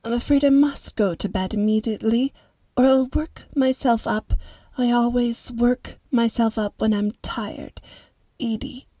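A woman's voice: a little high, steady tone, unhurried, warm tone, no room sound. A woman voicing a wealthy, formal older lady who talks in a precise, fretful way.

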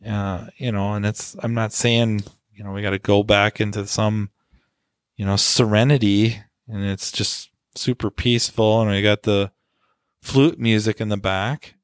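A man's voice: on the low side, little pitch movement, unhurried, clean tone, no room sound, studio quality. A man co-hosting a podcast about the auto repair trade, talking in a loose, rambling way with lots of "you know" fillers. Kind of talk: casual discussion.

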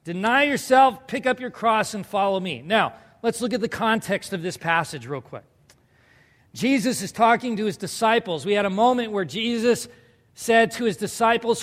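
Man, high voice, conversational sermon, long hall reverb. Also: animated, normal speed, a bit bright. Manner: conversational preaching, asks the audience questions. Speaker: pastor.

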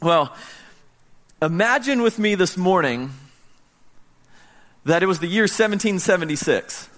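Unhurried and high-voiced, this pastor in his thirties from the United States preaches a sermon. He tells his story with liveliness, swinging between loudness and hushed tones.

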